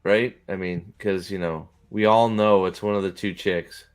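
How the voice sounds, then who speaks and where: A man's voice: low-pitched, fairly even intonation, moderate pace. A man hosting casual reaction commentary on video clips, rambling and joking crudely. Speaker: host.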